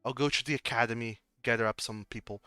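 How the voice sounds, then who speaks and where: A man's voice: medium pitch, steady tone, fast talker, bright, forceful tone, clear, resonant tone, no room sound, soft background music, close to an everyday voice. A man voicing a stern, indignant noble lady in a tabletop game, giving clipped, commanding orders.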